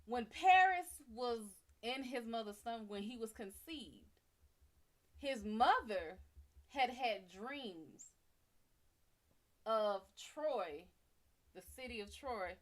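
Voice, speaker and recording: A woman host retells an old myth on a livestream. Her delivery is loose, slangy and full of cussing, and her voice sits somewhat high. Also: slow, pauses often. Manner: slangy, profane, animated. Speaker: psychic reader and host. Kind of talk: casual livestream storytelling.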